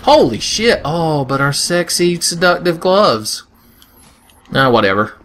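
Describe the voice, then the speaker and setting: A man's voice: fairly high pitch, very animated, unhurried, a bit bright. A young man giving casual, joking gameplay commentary with crude humor, often slipping into silly voices. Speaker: let's play host.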